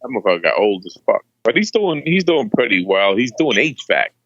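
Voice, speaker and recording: Dude calling in on a bad connection, husky and kinda high, pitch jumps all over, rambling. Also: male voice, very animated, a little fast, a bit bright, no echo. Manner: rambling, lots of fillers. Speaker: podcast guest. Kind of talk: casual chat. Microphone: remote call with a weak signal. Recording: dull lo-fi call line.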